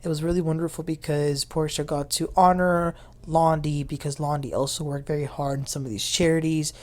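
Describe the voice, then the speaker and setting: A young man casually recapping a reality TV episode, acting out the cast's lines with big swings in his voice. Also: fairly quick. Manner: animated, acts out quotes with big pitch jumps. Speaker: TV recap host.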